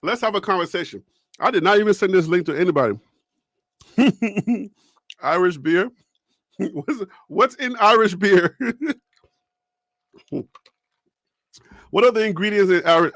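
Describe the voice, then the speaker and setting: A young man hosts a sports live stream from home, laughing often and talking right to his viewers. His voice sits high, and the sound is close and dry with no room echo. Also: a bit bright. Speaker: sports show host. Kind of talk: casual live-stream chat.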